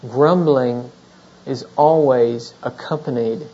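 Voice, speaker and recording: A man's voice: medium pitch, slow pace, warm tone, lo-fi sound. A man in his thirties preaching a sermon as a pastor, in a conversational style full of "you know?" asides.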